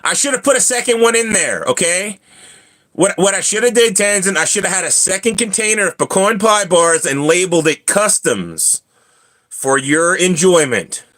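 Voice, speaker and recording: A man hosts a relaxed livestream and talks straight to his viewers. His voice is bright and sits a little high, and he gets animated and ranty, with coughs and throat-clearing along the way. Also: normal speed. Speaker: livestream host. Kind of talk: casual chat with viewers.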